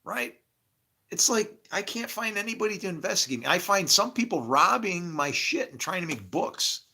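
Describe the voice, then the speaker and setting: Animated man rambling about faith. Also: sits high, normal speed, creaky. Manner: swears freely, acts out imagined dialogue, laughs often. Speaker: spiritual speaker. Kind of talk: rambling casual monologue.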